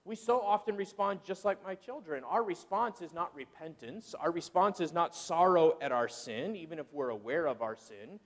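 Animated preacher man in a reverberant hall. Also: on the high side, normal speed, few pauses. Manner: animated preaching, acting out excuses in quoted voices. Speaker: pastor. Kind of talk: sermon.

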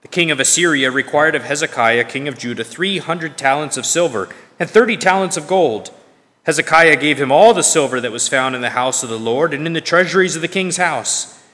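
A man reading scripture aloud in a measured, emphatic way, now and then correcting himself. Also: a little high, expressive, sharp tone. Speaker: scripture reader. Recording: long reverb of a large hall.

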